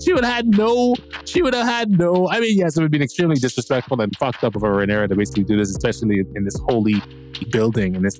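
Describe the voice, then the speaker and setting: A man hosting a podcast, recapping a TV episode in a rambling, profane, excitable way and acting out characters' lines. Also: medium pitch. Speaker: podcast host.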